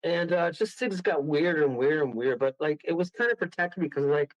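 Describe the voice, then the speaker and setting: A man telling a story as a guest on a radio show. He rambles excitedly, laughs often and keeps restarting his sentences. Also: a little high, brisk, no echo. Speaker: guest medium. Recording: dull, dry lo-fi sound.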